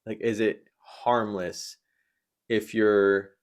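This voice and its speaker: A man with a lowish voice co-hosts a relaxed podcast. He swears freely and tells stories with lively energy. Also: drawn-out words. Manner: swears freely, animated storytelling. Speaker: podcast co-host. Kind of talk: casual chat.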